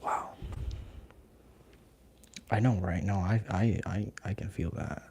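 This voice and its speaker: A young man hosting a Reiki live stream, chatting with viewers in a relaxed, slangy half-whisper. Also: low-pitched, slow, gravelly, breathy edge. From United States.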